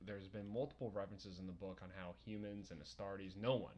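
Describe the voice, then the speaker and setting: A young adult man co-hosting a podcast, chatting casually about a book, rambling and profane and quick to laugh. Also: deep voice, steady tone, darkish tone. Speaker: podcast co-host. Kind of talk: casual book-discussion chat.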